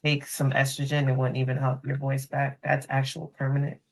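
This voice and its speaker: Man co-host, monotone delivery, quick amazed reactions, slight noise. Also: medium pitch, creaky. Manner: reacting with short amazed interjections. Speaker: podcast co-host. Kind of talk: casual interview chat.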